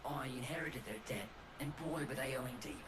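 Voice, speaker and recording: A man's voice: medium pitch, brisk, a bit bright, natural voice, rough recording. An actor playing a down-on-his-luck male scrap dealer buried in debt, who talks in a pleading, working-class colloquial way. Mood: wistful.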